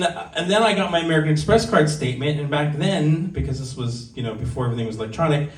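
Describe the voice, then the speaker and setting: A man in his forties from Southern California, speaking at a fairly high pitch, does a stand-up set at a bar open mic. He tells candid, conversational stories at his own expense, captured in an echoey room on a distant mic with faint ambience.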